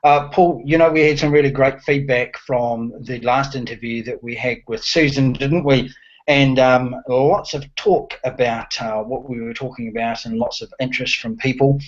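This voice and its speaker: A man's voice: medium pitch, fairly even intonation, normal speed. A man hosting an online interview show, friendly and hesitant, with many fillers. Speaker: host. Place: New Zealand. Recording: dull lo-fi audio.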